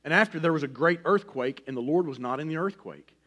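A middle-aged pastor delivers a sermon sprinkled with folksy personal asides, his voice pitched on the high side and moving fast. He swings between loud, pressing emphasis and a soft, hushed near-whisper.

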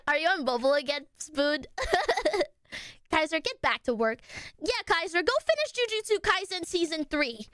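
Bubbly young woman streaming, high voice that swoops all over, dry close sound. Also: normal speed, dry recording. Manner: bubbly, squeals and laughs when excited. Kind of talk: casual live-stream chat with viewers.

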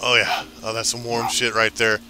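A man's voice: mid-range voice, completely flat delivery, normal speed, music in the background. A man streaming a game live, chatting casually and hyping up his viewers. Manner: chatty, hyped, talks back to viewers.

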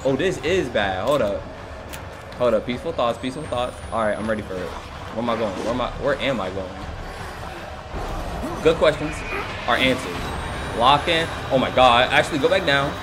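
A man commentating his own horror game playthrough, excitable, joking and yelling for help as he plays. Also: medium pitch, normal speed, long pauses, background noise. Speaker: gaming channel host. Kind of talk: let's play commentary.

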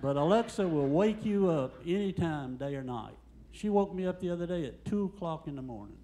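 An older man doing a stand-up comedy set in a comedy club, telling deadpan jokes and acting out the quotes. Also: fairly high pitch, fairly quick.

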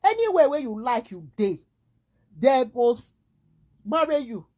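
Speaking at a measured pace, this woman's slightly high voice carries a Nigerian Pidgin English accent. She rambles animatedly in a casual monologue, peppering it with rhetorical questions.

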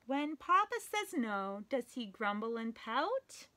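A woman with a high, bright voice reads a children's picture book aloud, her pitch swooping up and down with every line. She takes her time and talks straight to the little listener in a playful, animated way. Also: slow.

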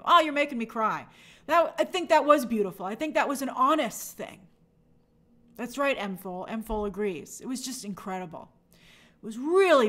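A chatty, animated woman hosting a live stream and reacting to viewer comments as she goes. Her voice sits a little high and has a bright, forceful edge, with plenty of energy in the delivery. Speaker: host of a TV and film news show.

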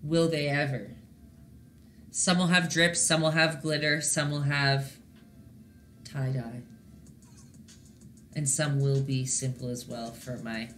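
Woman, painting instructor, casual live-stream lesson, chatty, encouraging, bright voice, faint background music. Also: low voice. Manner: chatty and encouraging, often checks in with the viewers.

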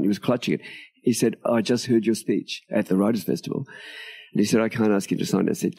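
Sitting outside at a tropical home by the beach, an older Australian man, an author being interviewed, spins lively stories. His voice is dark, husky, and lowish, fairly quick, and he voices the quoted dialogue himself while laughing frequently.

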